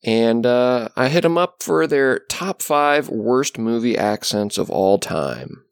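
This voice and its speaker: A man's voice: mid-range voice, lively intonation, slow pace, vocal fry, clean tone, no echo, studio quality. A man hosting a casual podcast chat, rambling with fillers and restarts. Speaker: podcast host.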